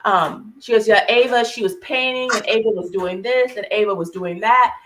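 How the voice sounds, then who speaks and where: A woman's voice: mid-range voice, moderate pace, a bit bright, a little hiss or hum, poor audio. A woman co-hosting a talk show, telling a painful personal story in an earnest way, close to tears at times, with restarts and fillers, while she cooks on a video call. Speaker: podcast co-host.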